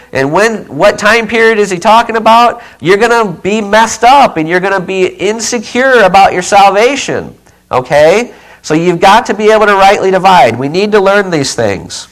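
Male preacher, fairly high voice, emphatic Bible teaching with repeated points. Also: rough recording. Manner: emphatic, repeats key phrases, checks in with okay; says he keeps yelling.

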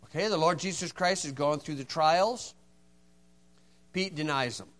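Male preacher, fairly high voice, folksy, moves from hushed asides to loud, forceful acted lines. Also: a little slow. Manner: folksy storytelling, acts out dialogue, swings from hushed to shouting. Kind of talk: sermon.

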